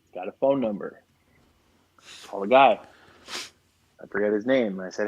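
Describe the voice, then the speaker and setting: A man's voice: on the low side, moderate pace, long pauses, no echo. A man who is a guest on a car show, telling a story in casual chat and acting out both sides of a phone call. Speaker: guest, classic car dealer.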